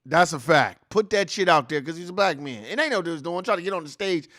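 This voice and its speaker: A man's voice: a little high, animated, fast, a bit bright, slight background noise. Heated, profane man ranting on a stream. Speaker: host. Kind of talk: ranting reaction commentary.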